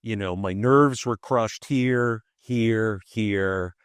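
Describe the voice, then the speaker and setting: A man, a podcast guest, telling a personal story in conversation, halting and repeating himself as he restarts phrases, and acting out the voices he quotes. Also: on the low side, clear, resonant tone, no echo, clean studio sound. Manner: animated, acts out quoted voices.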